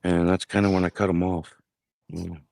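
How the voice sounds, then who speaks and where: A man's voice: low voice, level tone, normal speed, darkish tone, no room sound, studio quality. A man telling a personal family story in casual conversation, blunt and profane. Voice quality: gravelly. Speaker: guest telling his life story.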